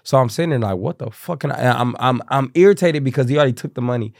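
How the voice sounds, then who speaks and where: Young man from Kansas City, rapid talk, gravelly, dry close sound, profane storyteller. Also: mid-range voice, dry recording. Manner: profane, animated, quotes people in voices. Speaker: guest. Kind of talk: casual storytelling.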